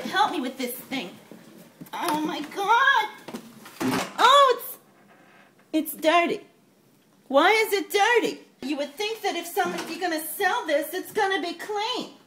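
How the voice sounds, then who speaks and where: A man playing a brash, excitable middle-aged woman with a New York accent who gushes loudly and swears casually in a comedy sketch. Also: very high-pitched, full character voice. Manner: loud, gushing, swears casually. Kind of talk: comedy sketch character monologue. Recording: echoey room with background noise.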